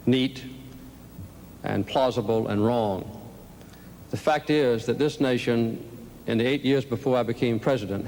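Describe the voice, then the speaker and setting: A candidate speaks at a formal debate, choosing his words slowly and deliberately. His voice sits at an ordinary middle pitch for a man. The old archival recording carries a long, booming hall reverb. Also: a little mellow, a little hiss or hum. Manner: measured, deliberate, speechlike.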